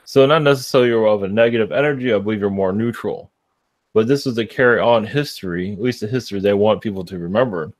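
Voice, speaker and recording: A man giving a spiritual channeling reading to callers in a calm, measured way. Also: fairly low pitch, no echo.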